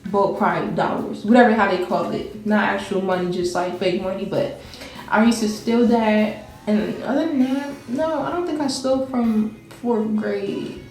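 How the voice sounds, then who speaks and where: A woman's voice: mid-range voice, darkish tone. Young woman rambling through a storytime, super echoey room, faint music playing. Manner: chatty, rambling, laughs while telling. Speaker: vlogger telling a personal story. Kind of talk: casual storytime chat.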